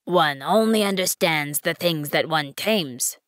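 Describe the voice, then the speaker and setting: A woman voicing a wise, patient male fox in an audiobook, speaking in a measured, earnest way. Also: low-pitched, expressive, no room sound, clean studio sound. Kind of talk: audiobook reading.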